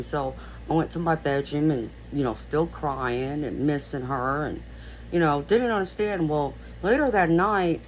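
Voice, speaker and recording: A woman's voice: deep voice, a little hiss or hum, low-quality recording. A woman hosting her own channel, telling a personal story in a rambling, earnest way with lots of "you know" fillers. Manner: earnest, reflective retelling. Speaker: channel host.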